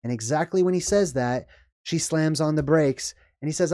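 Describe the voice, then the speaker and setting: Mellow-voiced man musing on movie symbolism. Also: a little high, normal speed, dry recording, studio quality. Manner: rambling, frequent "right?" and "okay?" check-ins. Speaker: video commentator. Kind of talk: casual movie commentary.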